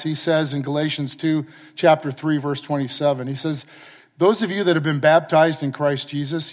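Male pastor, slightly high voice, animated storyteller, long reverb from a church hall. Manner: animated storyteller acting out his own lines. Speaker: pastor and fire chaplain. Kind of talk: storytelling sermon.

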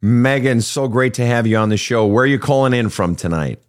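A man's voice: mid-range voice, brisk. A man hosting a call-in counseling podcast, talking frankly and earnestly to a guest, swearing now and then. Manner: frank, earnest, profane at times.

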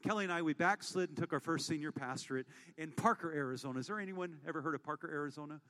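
A man preaching a sermon as pastor, moving between hushed storytelling and loud, rallying calls to the congregation. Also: a little high, fast talker, big-room sound. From United States.

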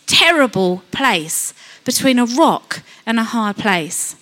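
A woman preaching a sermon in a conversational way, asking the congregation questions and acting out frightened voices with sudden high shouts. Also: expressive, slow pace. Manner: conversational, asks rhetorical questions.

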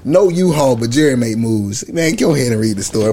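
A man's voice: medium pitch, animated, fairly quick, mellow. A man co-hosting a comedy podcast, teasing his co-hosts and jumping in playfully with jokes. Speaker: podcast co-host. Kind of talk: casual podcast banter.

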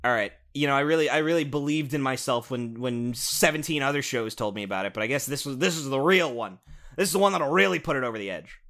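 A man co-hosting a casual podcast, reviewing a show in an animated, sarcastic rant with lots of swearing and restarts. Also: mid-range voice, fast.

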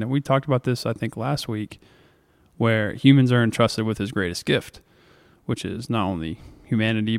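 A man's voice: fairly low pitch, smooth, no echo. A man co-hosting a podcast, talking through a book chapter on faith in an earnest, thinking-aloud way with fillers. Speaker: podcast co-host. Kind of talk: casual faith discussion.

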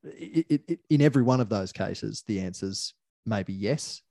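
A man's voice: fairly low pitch, expressive, normal speed, creaky, dark tone, dry recording, studio quality. A man, co-hosting a podcast, talking things through in a thoughtful, opinionated way. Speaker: podcast co-host. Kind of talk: casual chat.

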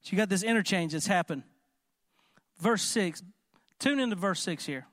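A man preaching a sermon in an animated, conversational way, often asking the congregation questions. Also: sits high, normal speed, no room sound, clean studio sound. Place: church.

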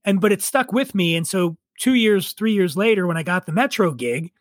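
A middle-aged man, a drinks writer and drinking-show host, telling his story in a casual interview, animated, swearing freely and laughing at himself. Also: high-pitched, normal speed, no room sound, studio quality.

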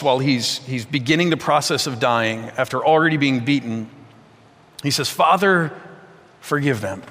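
High-voiced man preaching in a reverberant hall. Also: a bit bright. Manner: earnest, conversational preaching with stammered restarts. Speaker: pastor. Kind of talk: sermon. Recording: long reverb of a large hall.

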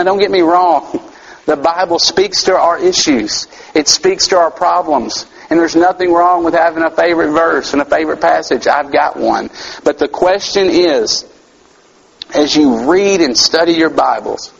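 Husky-voiced man preaching conversationally. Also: a little high, measured pace, muffled recording. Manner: conversational preaching with rhetorical questions. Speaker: campus minister preaching. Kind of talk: sermon.

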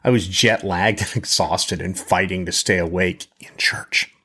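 Male Bible teacher, lower register, informal sermon delivery. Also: fairly even intonation, a little slow, sharp tone, slightly rough. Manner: conversational, frequent "okay?" check-ins and self-restarts. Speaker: preacher. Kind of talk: podcast teaching.

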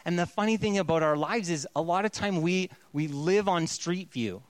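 Man, pastor, sermon, high voice, playful and conversational, dry close sound. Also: moderate pace, no echo.

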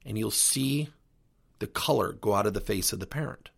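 A man's voice: on the low side, normal speed, gravelly, slightly rough. A middle-aged man hosting a leadership coaching podcast, talking earnestly to listeners. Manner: animated, earnest coaching delivery. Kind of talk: solo podcast talk.

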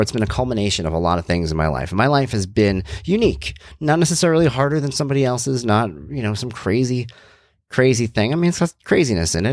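A middle-aged man hosts a personal podcast, speaking in a somewhat low voice. He rambles candidly and drops jokey asides. The sound is dry and close. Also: no echo. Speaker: podcast host.

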